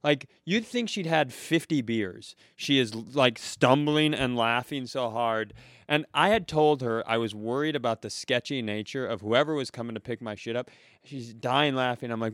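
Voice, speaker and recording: A man on a comedy podcast telling a long story casually, animated and profane, laughing at his own punchlines. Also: medium pitch, normal speed, dry recording, studio quality. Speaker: podcast co-host.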